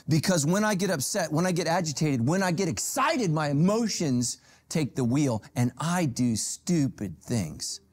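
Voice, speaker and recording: A middle-aged male pastor preaching a sermon, telling stories with humor and sudden jumps in pitch. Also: darkish tone. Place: church stage with a golf cart prop.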